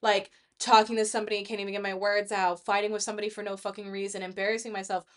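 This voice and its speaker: A woman's voice: mid-range voice, flat delivery, racing. A young woman co-hosting a podcast, talking bluntly in casual chat with lots of swearing and filler words. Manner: blunt, heavy swearing, frequent "like". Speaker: podcast co-host.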